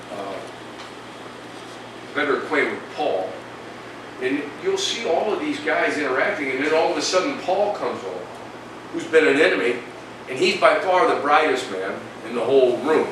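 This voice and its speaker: A man's voice: medium pitch, noisy background. A man leading an informal Bible study for a group, talking in a conversational way and asking rhetorical questions. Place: indoor room with a group. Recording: echoey room, voice from a distance.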